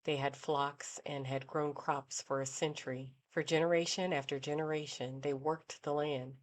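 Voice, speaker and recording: Low-voiced woman narrating a novel. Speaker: audiobook narrator. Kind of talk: scripted narration.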